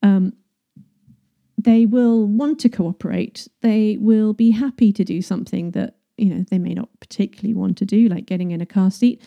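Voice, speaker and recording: A woman in her thirties talks through parenting advice in a loose, chatty way, often laughing and restarting her phrases. Her voice is very dark and mellow. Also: mid-range voice, moderate pace, gravelly, dull audio. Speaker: parenting coach. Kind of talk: casual advice talk.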